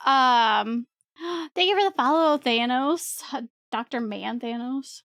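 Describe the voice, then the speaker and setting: A young woman chats to her stream in a high, bright voice. She rambles, swears offhand and keeps breaking into laughter. The sound is close and dry, with no room echo at all. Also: takes it slowly. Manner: rambling, excitable, laughs often, swears casually. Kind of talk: casual storytelling to stream chat.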